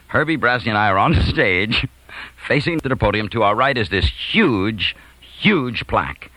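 A man telling a comic school anecdote, chuckling and swinging from hushed to loud. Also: on the low side, normal speed, dry recording, rough recording. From New York. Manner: animated, chuckling, big swings from quiet to loud. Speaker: storyteller. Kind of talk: comic anecdote told to an audience.

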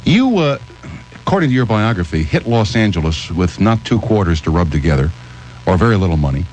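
Low-voiced interviewer with a wide-swinging pitch. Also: male voice, sing-song, a little fast, a little mellow, faint music behind, poor audio. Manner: brief questions and interjections. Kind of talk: talk show interview.

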